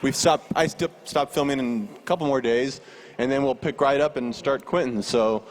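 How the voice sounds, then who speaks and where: A man, a filmmaker, speaking on a convention panel in a relaxed, rambling way. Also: mid-range voice, normal speed. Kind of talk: panel talk.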